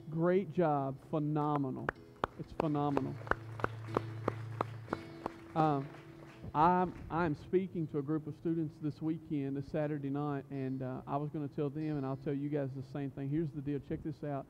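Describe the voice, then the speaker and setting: A fairly high-voiced man leads a youth service in church, preaching loosely and cracking jokes. He stumbles through fillers and restarts. The recording sounds dull and lo-fi. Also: a little hiss or hum. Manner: chatty, joking, full of fillers and restarts. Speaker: youth pastor. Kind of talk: casual youth sermon. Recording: muffled lo-fi recording.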